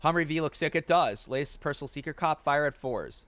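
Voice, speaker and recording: A man's voice: fairly high pitch, a little fast, no room sound. A man in his twenties hosting a casual livestream Q&A, reading viewer questions aloud, swearing and getting worked up. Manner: animated, swears and gets fired up. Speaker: livestream host. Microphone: wearing headphones, close desk mic.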